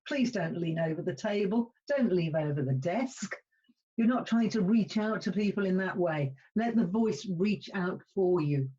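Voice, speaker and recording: A woman from the UK presenting a webinar on voice and speaking, with an animated, rising and falling delivery over a video call. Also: moderate pace, dull audio. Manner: lively, animated, talks up and down in pitch.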